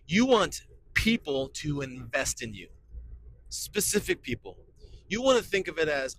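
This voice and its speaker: A man's voice: fairly high pitch, big pitch swings, unhurried, a bit bright, a little hiss or hum, poor audio. Emphatic fortyish male pastor. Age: 40s. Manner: enthusiastic, emphatic, repeats key phrases. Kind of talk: casual podcast talk.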